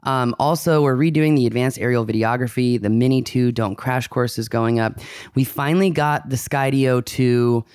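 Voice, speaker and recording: A man's voice: mid-range voice, fairly even intonation, moderate pace, darkish tone, clean tone, dry recording, studio quality. A man hosting a podcast in a casual, upbeat and rambling way. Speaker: podcast host.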